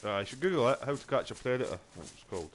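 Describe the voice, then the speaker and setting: A man's voice: mid-range voice, big pitch swings, rapid-fire, a little hiss or hum. A Scottish man streaming a game, chatting casually in a rambling, sweary way full of fillers. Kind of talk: casual chat while gaming.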